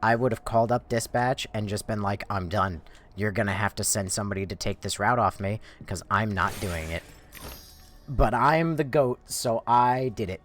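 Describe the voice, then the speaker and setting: A man's voice: on the low side, normal speed, soft background music. A young man streaming a game, telling a rambling story in casual chat, self-mocking, swearing and laughing between lines.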